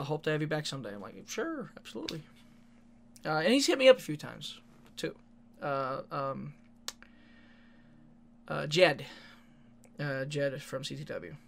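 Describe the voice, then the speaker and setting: A man's voice: on the high side, gravelly. A man telling rambling wrestling stories in casual talk, swearing freely and laughing often. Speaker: independent wrestler. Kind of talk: casual storytelling monologue.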